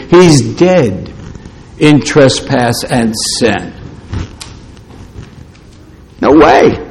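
A man's voice: medium pitch, darkish tone, a little hiss or hum, low-quality recording. A man preaching a sermon, scolding and emphatic, hammering his points home with short repeated declarations. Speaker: pastor.

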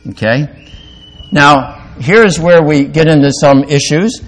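Older male pastor, emphatic sermon. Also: measured pace. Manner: lively, swinging between loud emphatic peaks and quiet confessional lows.

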